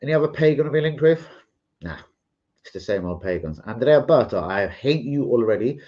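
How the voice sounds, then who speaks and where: A man, ranting and joking with plenty of swearing on a casual live stream, mocking and animated. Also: medium pitch, brisk. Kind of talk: casual livestream rant. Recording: dull lo-fi stream audio.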